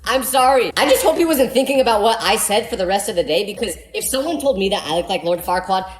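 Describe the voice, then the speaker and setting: Young woman doing fast funny storytime rants, super animated voice, echoey room w/ a little music. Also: mid-range voice. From California. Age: young adult. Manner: animated, exasperated ranting. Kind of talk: comedic storytime monologue. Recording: roomy with faint music.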